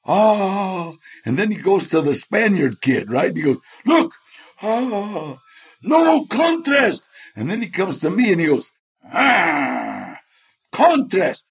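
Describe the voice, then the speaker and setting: Unhurried and breathy, a man with a high voice and big pitch swings appears as a guest in a chat interview. He animatedly tells stories, acting out the people he quotes, and often laughs.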